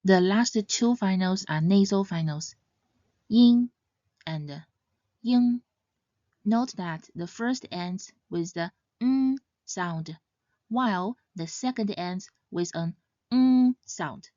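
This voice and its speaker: A woman teaching Mandarin pronunciation in scripted narration, saying each example syllable louder and higher. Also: slow pace, dry recording. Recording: slightly dull, dry sound.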